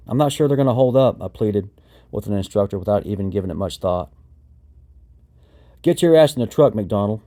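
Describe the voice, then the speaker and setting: Male narrator for a first-person memoir audiobook: a lowish voice, steady and matter-of-fact.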